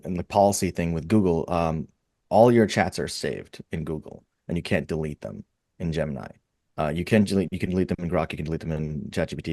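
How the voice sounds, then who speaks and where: Man, very deep voice, fast talker, rambling panel chat, repeats words, dry video call audio. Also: darkish tone, dry recording. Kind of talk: casual webinar panel talk.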